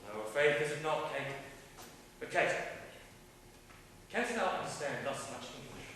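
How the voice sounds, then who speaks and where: A man's voice: on the high side, animated, measured pace, pushed and bright, a little hiss or hum. An actor playing a bluff, playful young English king wooing a French princess, in a teasing, declamatory classical stage delivery. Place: large indoor theater stage. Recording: distant stage sound in an echoing theater.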